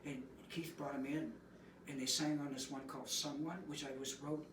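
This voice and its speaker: Brief: musician man, rambling storyteller, slightly high voice, roomy and off-mic with background noise. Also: level tone, moderate pace. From East Coast. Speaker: musician guest. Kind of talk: storytelling in casual interview. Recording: roomy, distant mic, noisy.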